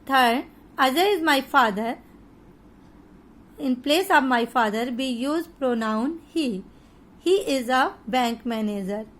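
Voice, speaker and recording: A woman with an Indian English accent teaching an online grammar lesson, explaining slowly and deliberately with pauses. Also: high-pitched, expressive, fairly bright tone.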